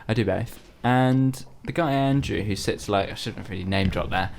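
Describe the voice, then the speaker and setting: A young man from England, a podcast host telling casual, animated stories about his office life. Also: fairly low pitch, moderate pace, vocal fry, slight background noise. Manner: chatty storytelling, animated when quoting people. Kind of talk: casual chat.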